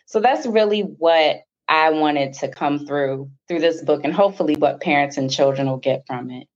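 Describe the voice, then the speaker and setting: A woman author speaking in a measured, earnest way. Her voice sits fairly low. The sound is dull and lo-fi, like a remote call. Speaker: children's book author. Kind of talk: interview answers. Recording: dull lo-fi line.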